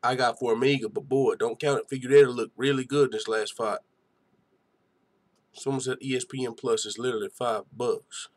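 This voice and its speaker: A man's voice: medium pitch, fairly even intonation, moderate pace. A young man hosting a live fight-night stream, giving hyped, slangy reaction commentary and chatting with viewers.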